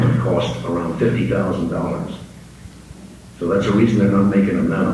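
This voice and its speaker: A man's voice: low-pitched, a little mellow. Folksy man speaking in an echoey hall. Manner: folksy, chatty, joke-telling. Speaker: guest speaker, voice actor. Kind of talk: storytelling lecture to a live audience. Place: university lecture hall. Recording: echoey hall from far off, audience noise. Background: audience.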